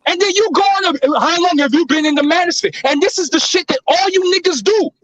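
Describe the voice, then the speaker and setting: A man with a high-pitched voice rants heatedly at his fellow panelists. He swears freely and hammers his point home. The sound is dry and close, with no room echo. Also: quick pace, a bit bright, highs cut off. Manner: heated, profane ranting.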